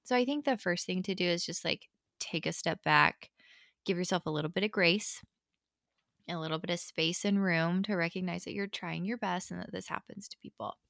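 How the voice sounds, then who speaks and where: A young woman co-hosting a podcast, her voice a little low with a gravelly fry. She talks in a candid, chatty way, full of "like" and "really." The sound is dry and close. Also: a bit bright, no room sound. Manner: candid and chatty, many fillers. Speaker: podcast co-host. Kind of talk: casual advice talk.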